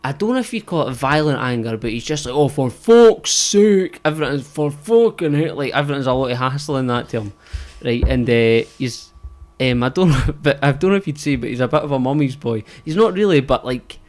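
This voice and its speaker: Young Scottish male co-host, halting storyteller, swears a lot. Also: medium pitch, lively intonation. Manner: halting, sheepish, swears often. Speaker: podcast co-host. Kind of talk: casual chat, storytelling.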